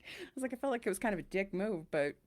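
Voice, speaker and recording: A woman's voice: medium pitch, quick pace. A woman hosting a podcast, telling stories in a casual chat and acting out the voices she quotes. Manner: animated, acts out quoted voices. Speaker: podcast host.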